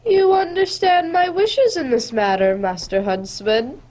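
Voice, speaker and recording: A woman's voice: very high-pitched, fairly even intonation, unhurried, darkish tone. A woman playing a jealous, cruel queen who gives menacing commands in a radio drama.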